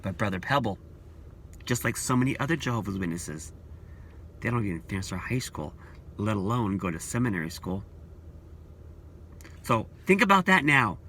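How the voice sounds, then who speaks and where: A man's voice: lowish voice, big pitch swings, moderate pace, pauses often, sharp tone, a little hiss or hum. Earnest man preaching to camera. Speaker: vlogger. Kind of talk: casual opinion vlog.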